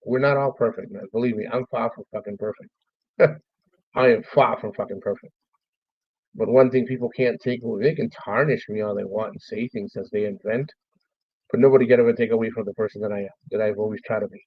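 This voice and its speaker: A man's voice: lowish voice, fairly even intonation, quick pace, no echo. Heartfelt rambling man, dull dry mic. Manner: rambling, heartfelt, swears casually. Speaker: streamer. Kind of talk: emotional memorial monologue.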